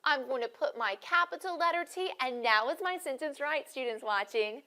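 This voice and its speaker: A woman's voice: high-pitched, normal speed, pushed and bright. A woman teaching a phonics lesson, encouraging students and asking them questions by name.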